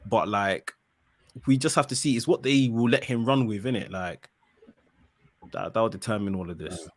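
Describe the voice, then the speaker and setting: A man on a podcast, recapping events at length in a steady, explanatory way. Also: lowish voice, normal speed. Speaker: podcast co-host. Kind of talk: casual podcast analysis.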